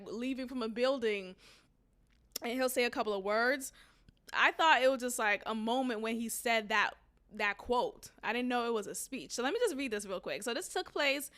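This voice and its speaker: A woman's voice: high-pitched, bright, forceful tone. A woman hosting a casual solo podcast, blunt and profane, rambling with fillers and frequent laughter. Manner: blunt, swears freely, laughs often; rambling with many fillers and restarts. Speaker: podcast host.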